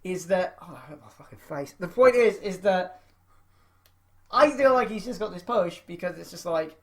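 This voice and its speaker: A man's voice: high-pitched, lively intonation, normal speed. A man co-hosting a casual wrestling chat, wry and sarcastic in his remarks. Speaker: podcast co-host.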